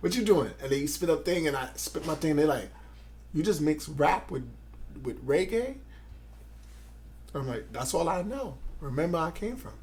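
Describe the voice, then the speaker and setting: A man in his forties from Grenada, telling his life story as an interview guest, loud and excited, acting out what others said. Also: on the high side, moderate pace, pauses often. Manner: animated, acts out quotes, loud and excited.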